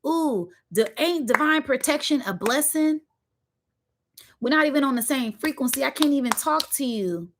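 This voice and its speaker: A woman delivers a spiritual pep talk in a fairly high voice. She preaches with emphasis, stacks repeated phrases and slips into slang. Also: expressive, moderate pace, a little hiss or hum. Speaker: spiritual channel host. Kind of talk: motivational spiritual monologue.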